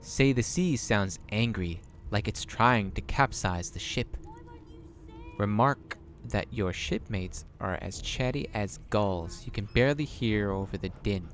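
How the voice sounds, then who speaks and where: A man's voice: fairly low pitch, unhurried, slight background noise. A young man casually commenting while playing a game, joking and reading choices aloud. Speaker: let's play host.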